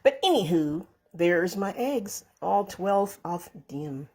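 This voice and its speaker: A woman's voice: fairly low pitch, animated, slow. Rambling woman giving a home cooking how-to. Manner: chatty and rambling, with frequent restarts and self-corrections; warm, blessing her viewers. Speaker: home cooking and canning channel host. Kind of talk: casual how-to vlog. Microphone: handheld phone camera.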